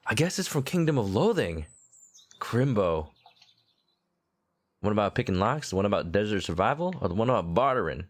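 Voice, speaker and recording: A man's voice: lowish voice, very animated, moderate pace, long pauses. A male game streamer reading game text aloud and joking, slipping into a mock southern drawl.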